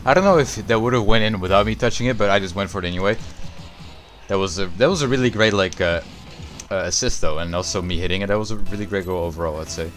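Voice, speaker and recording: A young man commentating his own gameplay, excitable and foul-mouthed, shouting at big plays and griping about teammates. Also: sits low, fast, faint music behind. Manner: excitable, swears often, yells at big plays. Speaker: gaming YouTuber.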